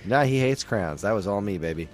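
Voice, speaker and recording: A man's voice: on the low side, expressive, brisk. A man hosting a video game music podcast, chatting in a playful, joking way. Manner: playful, jokey banter. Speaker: podcast host. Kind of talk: casual chat.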